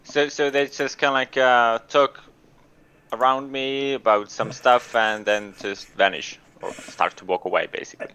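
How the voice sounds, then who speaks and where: A man's voice: mid-range voice, steady tone, moderate pace, sharp tone, a little hiss or hum. A man playing in a tabletop game, hesitant and full of fillers. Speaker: player. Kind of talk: casual tabletop play.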